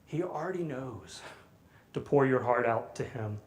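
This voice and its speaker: A man preaching a sermon in a conversational way, building loud and high on repeated phrases and dropping soft on quiet lines. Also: lively intonation, measured pace. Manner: conversational with fillers. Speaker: guest preacher.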